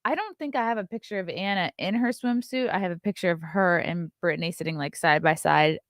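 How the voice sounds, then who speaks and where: A woman's voice: on the low side, fairly quick, no room sound, studio quality. A woman in her thirties hosting a live stream, telling brash, sarcastic stories and reading out viewer messages. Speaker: host. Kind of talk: casual live-stream chat.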